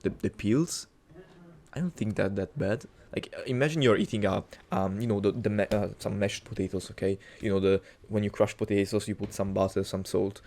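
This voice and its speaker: A young man talks in a casual, rambling monologue, cursing freely and restarting his sentences. His voice sits a little low, and his storytelling wanders. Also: fairly even intonation, brisk, darkish tone. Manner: rambling, profane, many restarts and fillers. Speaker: cooking vlogger.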